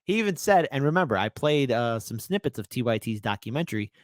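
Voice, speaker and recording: A man hosting a livestream with political commentary, ranting in an animated, sarcastic way. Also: mid-range voice, fast talker, dry recording, studio quality.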